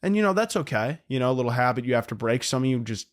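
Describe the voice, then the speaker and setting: A young man with a mid-range voice hosts a solo podcast, racing along expressively. He rambles, cuts himself off, and laughs at his own jokes.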